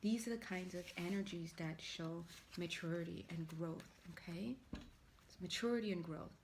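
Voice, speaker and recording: A woman's voice: on the low side, normal speed, darkish tone, a little hiss or hum. Chatty woman giving a tarot reading. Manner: rambling and chatty, with playful asides and acted-out quotes. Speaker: tarot reader. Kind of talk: casual spiritual tarot reading.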